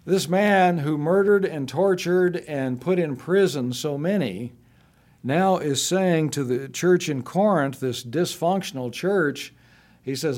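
A middle-aged man preaching a sermon, reading scripture aloud and slowing down with rising emphasis on the key words. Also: darkish tone. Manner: slows and rises in pitch to stress scripture he reads aloud.

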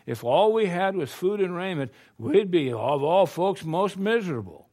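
An older American man preaches a sermon to his congregation in a homespun, conversational manner. He peppers his talk with rhetorical questions, and his voice sits a little high for a man. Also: expressive, normal speed, dark tone. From United States.

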